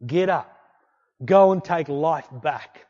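A man preaching a sermon, exhorting with repeated refrains and swinging between loud bursts and hushed passages. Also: fairly high pitch, slow pace, highs cut off. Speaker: pastor.

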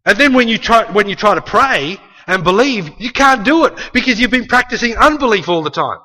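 A man with a high, expressive, sharp-toned voice preaches a little fast to a live congregation in a church hall. He's emphatic, repeating key phrases and acting out quotes, and the large hall adds a long reverb.

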